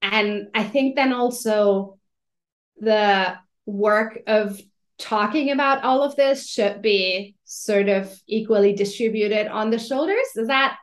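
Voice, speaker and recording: A woman's voice: mid-range voice, slow. A woman guest on a podcast interview, speaking hesitantly and often repeating words while she searches for them. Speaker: magazine owner, guest. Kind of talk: casual interview chat.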